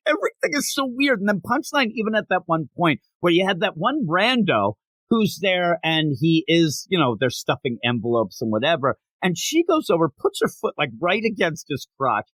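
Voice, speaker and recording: A man co-hosting a casual comic book podcast, profane and animated, acting out characters' lines as he reviews. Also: high voice, normal speed, no room sound. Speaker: podcast co-host.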